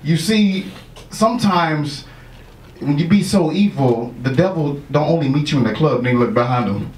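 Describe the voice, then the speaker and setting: Brief: comic doing a sermonizing male preacher, slightly raised pitch, echoey room. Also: expressive, moderate pace, darkish tone, a little hiss or hum, lightly acted. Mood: preaching.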